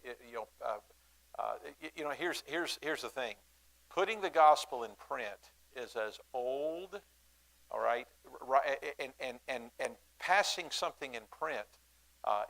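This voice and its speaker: A male pastor, speaking to his congregation in a folksy, halting way, with many fillers and restarts and calls for the room to answer back. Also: mid-range voice, vocal fry, a bit bright, low-quality recording. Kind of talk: church announcements and sermon to a congregation. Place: church sanctuary.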